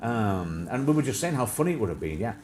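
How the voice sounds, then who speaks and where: A man's voice: lowish voice, sing-song, fast, music in the background. A man hosting a live stream, rambling in a jokey, casual way with frequent laughs and restarts. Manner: chatty, jokey, laughs often, many restarts.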